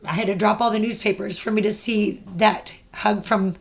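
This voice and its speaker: A woman's voice: medium pitch, fairly even intonation, normal speed, creaky. A woman podcast host telling a personal story in an earnest, heartfelt way. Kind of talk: casual chat.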